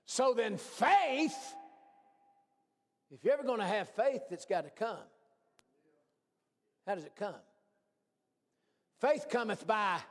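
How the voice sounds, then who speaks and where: A man pastor preaching a folksy, animated sermon, swinging from hushed asides to shouts. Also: high voice. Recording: long hall reverb.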